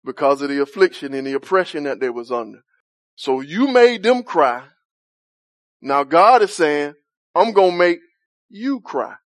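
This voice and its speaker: Man, Bible study teacher, fairly high voice, dry close sound, chatty, asks the group questions. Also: expressive, normal speed, no room sound. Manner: conversational, questions the group, laughs often.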